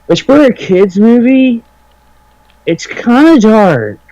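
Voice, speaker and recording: A man's voice: high voice, sing-song, slow pace, dark tone, no echo, dull audio. Rambling guy chatting over a game. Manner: rambling, filler-heavy, profane. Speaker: let's play commentator. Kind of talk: casual gaming chat.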